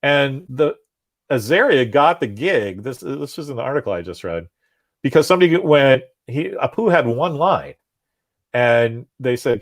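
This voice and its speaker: In a casual chat about comics, a male guest with a mid-range voice talks at a moderate pace. He rambles on animatedly, frequently ending points with "right?".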